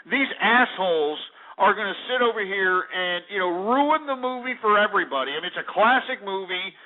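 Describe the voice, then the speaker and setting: A man's voice: high voice, animated, a little fast. A man, hosting a talk radio show in an angry, profane, rambling rant. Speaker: radio host. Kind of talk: ranting talk radio monologue. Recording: tinny phone-like radio archive.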